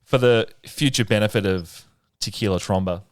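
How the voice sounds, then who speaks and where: Male host, lowish voice, dry close sound, easy chat. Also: moderate pace, dry recording. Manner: relaxed, prompting questions. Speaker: podcast host. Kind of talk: casual interview chat.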